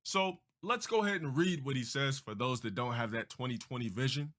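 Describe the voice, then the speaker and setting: A man's voice: mid-range voice, fairly quick, a bit bright. A man livestreaming, making grandiose and self-important proclamations in a theatrical way.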